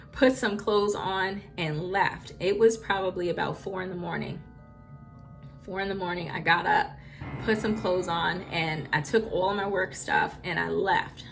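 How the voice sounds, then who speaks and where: A woman's voice: on the low side, normal speed, creaky, fairly bright tone. A young woman vlogger retelling a frightening personal experience, emotional and full of fillers. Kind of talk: personal storytime. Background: faint spooky music.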